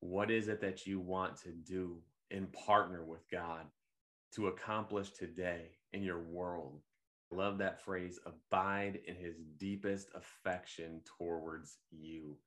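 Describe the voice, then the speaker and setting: Low-voiced man giving a gentle devotional reflection. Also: fairly even intonation. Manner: gentle, unhurried, with occasional fillers and restarts. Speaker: podcast host leading devotional meditation.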